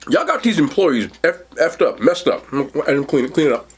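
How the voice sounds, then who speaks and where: A man vlogging to camera, spinning a story with big swings in his voice and a slightly husky, grainy tone. He talks in a loose, slangy way and keeps calling his viewers bro and y'all. His voice sits a bit higher than most men's. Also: very animated, normal speed. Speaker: food review vlogger.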